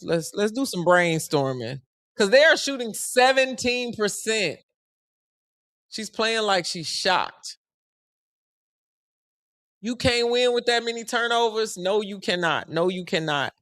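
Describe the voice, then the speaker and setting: High-voiced, animated male sports streamer. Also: takes it slowly, no echo, clean studio sound. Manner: animated, joking, slangy and conversational. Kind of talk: casual live-stream sports commentary.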